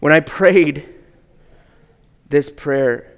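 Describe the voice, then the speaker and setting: Male pastor preaching a slow, earnest sermon, clear voice, long hall echo. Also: a little high. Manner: earnest, drops to a hush at key words.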